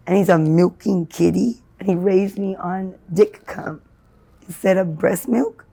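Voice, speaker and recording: A woman speaks in a low, dark and mellow voice. She rambles in a disjointed, free-associating way, moving from one topic to the next without clear links. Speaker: interviewee. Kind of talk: street interview.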